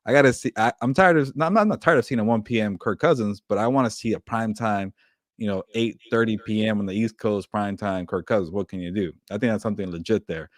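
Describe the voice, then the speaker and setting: A man's voice: lowish voice, quick pace, no room sound, clean studio sound. A man co-hosting a podcast, chatting casually about football, laughing often and using lots of fillers and restarts. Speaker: podcast co-host. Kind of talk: casual sports chat.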